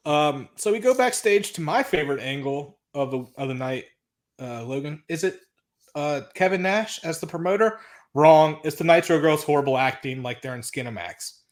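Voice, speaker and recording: A man's voice: fairly high pitch, animated, normal speed. Blunt, profane male wrestling podcaster. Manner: blunt, profane, exasperated recapping. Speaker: podcast co-host. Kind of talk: casual chat recapping wrestling.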